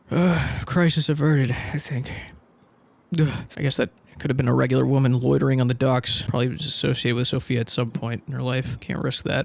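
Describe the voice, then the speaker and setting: A man's voice: medium pitch, a little fast, vocal fry. A young man commenting on a game playthrough in a sarcastic, joking manner, reading quest lines aloud and swearing now and then. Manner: sarcastic and joking, swears, playful role-play toward characters. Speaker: gaming streamer.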